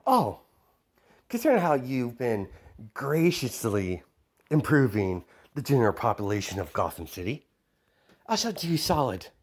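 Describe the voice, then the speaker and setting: A man's voice: mid-range voice, big pitch swings, moderate pace, pauses often, voice pushed up. A smug young antihero with a raised, bouncy voice that swings up and down, mock-polite and gleefully menacing, as a man puts him on for a fan story. He sounds pleased with himself.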